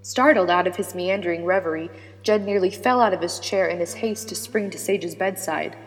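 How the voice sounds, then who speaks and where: Woman narrating a serialized story. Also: lowish voice. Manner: measured, dramatic storytelling. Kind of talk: scripted audiobook narration. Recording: long reverb with background music.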